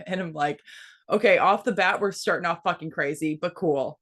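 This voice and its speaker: A woman in her thirties casually telling a story, swearing freely and putting on a high voice when she quotes someone. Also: moderate pace. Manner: profane, animated, quotes her son in a high voice.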